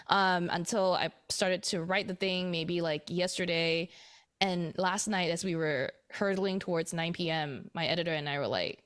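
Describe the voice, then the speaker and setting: A woman hosting a casual tech podcast, chatty and rambling as she explains things. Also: lowish voice. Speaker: podcast host.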